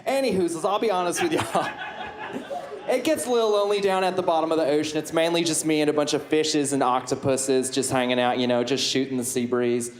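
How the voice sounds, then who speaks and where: On a comedy club stage, a roast comedian plays a flamboyant southern superhero of the sea, delivering sassy Southern US drawl and folksy catchphrases. His voice is on the high side, steady, a little fast, and close to an everyday voice. The club echoes, with the crowd laughing.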